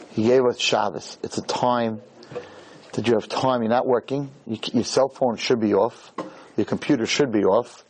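A man's voice: mid-range voice, a little mellow, slight background noise, low-quality recording. A man giving a humorous sermon as a rabbi, telling a story with acted-out dialogue and speaking directly to his listeners. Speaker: rabbi teaching a class.

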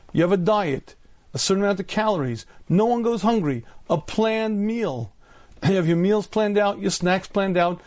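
A man in his fifties, a rabbi giving a storytelling Torah lecture, often clearing his throat and using humor. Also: high voice, a little mellow. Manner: humorous, acts out voices in anecdotes.

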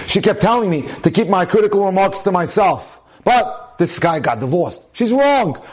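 Male rabbi, fairly high-pitched, giving a Torah class on relationships in an emphatic style. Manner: emphatic, repeats phrases for stress, drops in Hebrew terms. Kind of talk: relationship lecture.

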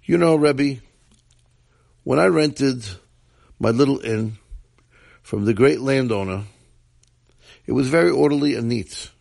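A man's voice: mid-range voice, measured pace, vocal fry, pauses often, a little mellow, no room sound. A man voicing a dying, repentant old innkeeper who pleads in a weak voice. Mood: pleading. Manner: pleading, remorseful confession.

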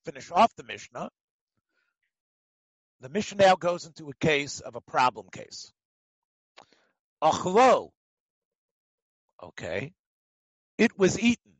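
A man teaches a Torah class in a high, very lively voice that swoops up and down. He acts out little scenes and laughs as he explains. The sound is dry and close. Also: no echo, low-quality recording. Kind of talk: Talmud class lecture.

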